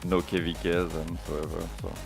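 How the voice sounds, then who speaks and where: A man's voice: sits low, level tone, brisk, vocal fry, over music. A man from France speaking English with a French accent as a podcast co-host, hesitant and full of fillers. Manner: hesitant, many fillers, non-native grammar. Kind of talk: casual podcast chat.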